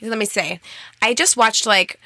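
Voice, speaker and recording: Bright, chatty woman podcast host. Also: mid-range voice, a little slow, no room sound. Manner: chatty, laughing, frank. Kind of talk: casual chat.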